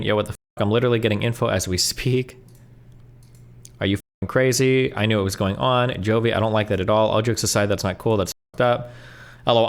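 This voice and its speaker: A male streamer reading messages aloud quickly, breaking in with blunt asides and swearing. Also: medium pitch, smooth. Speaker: streamer reacting to online posts.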